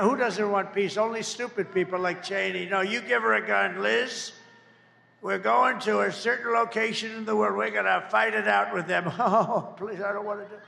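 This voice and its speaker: Gravelly man giving a rally speech. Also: sits high, pushed and bright, big-room sound. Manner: rambling, repetitive, jabbing with insults and asides. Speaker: political candidate at a campaign rally. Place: large campaign event venue.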